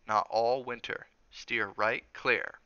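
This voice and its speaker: Folksy gravelly old cook guy, man reading him out, reassuring drawl, muffled. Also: on the low side, animated, fairly quick, sharp tone, no echo. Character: kindly older male hotel cook, folksy.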